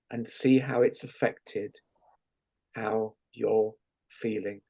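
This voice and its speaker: A man leading a guided laughter exercise over a video call, playful and gently coaxing, often laughing. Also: mid-range voice. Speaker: laughter workshop leader.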